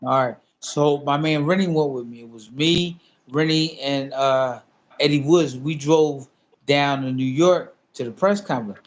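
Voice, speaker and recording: A man in his fifties, once a boxer, tells a story in a relaxed sit-down interview, his mid-range voice unhurried. He animatedly plays both sides of phone calls, speaking loosely and repetitively with plenty of fillers.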